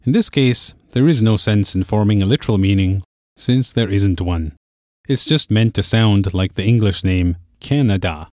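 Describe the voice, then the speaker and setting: A man's voice: on the low side, normal speed, darkish tone, dry recording, studio quality. A man teaching a podcast language lesson, explaining patiently step by step.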